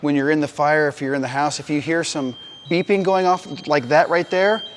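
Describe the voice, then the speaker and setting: A man's voice: on the high side, steady tone, a little fast, slight background noise. A man, a firefighter, patiently explaining protective gear to children in plain words. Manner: patient, plain, talks straight to kids.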